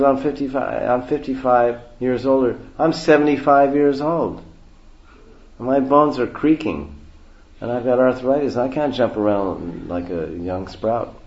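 A man's voice: medium pitch, measured pace, a little mellow, lightly acted. A man voicing an old male devotee who complains about his aching bones and pleads to be spared from dancing, in a roomy, dull recording. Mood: grumbling. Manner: pleading, self-mocking complaints.

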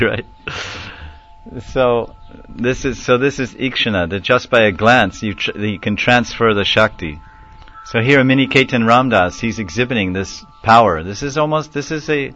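A man's voice: fairly low pitch, fairly bright tone, dry recording, highs cut off. A man giving a devotional class lecture, telling stories animatedly, acting out quotes and chuckling often. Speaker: spiritual lecturer.

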